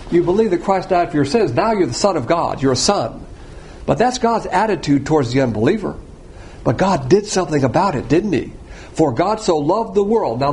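A man preaching a sermon, blunt and provocative, swinging between loud emphasis and quiet asides. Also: sits high, slight background noise.

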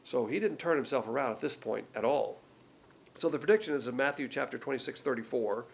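A man leads a verse-by-verse Bible study with a rough, gravelly edge to his mid-range voice. He explains each passage in plain, everyday words and reads the verses aloud more forcefully. A faint hiss of noise sits behind him. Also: medium pitch, brisk, rough recording. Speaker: Bible teacher.

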